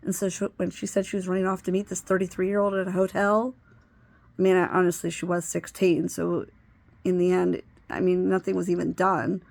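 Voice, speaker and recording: A woman recounting a personal story in a loose, unscripted way. Her voice has a gravelly, fried edge, and she speaks bluntly, dropping swear words without hesitation. The sound is close and dry. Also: on the low side, little pitch movement, fairly quick, darkish tone, dry recording. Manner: candid and blunt, swears freely.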